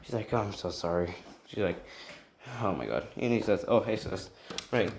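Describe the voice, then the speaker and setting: Low-voiced young man rambling a story. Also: normal speed, roomy sound. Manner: rambling, many restarts and "right?". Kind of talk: improvised fan story retelling. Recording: faint background noise.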